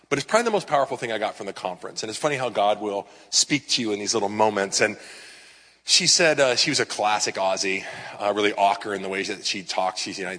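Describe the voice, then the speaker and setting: A man's voice: mid-range voice, sharp tone. A man preaching a sermon to his congregation, conversational and personal, with self-deprecating asides. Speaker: pastor. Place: church sanctuary with congregation. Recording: live sermon in a reverberant hall.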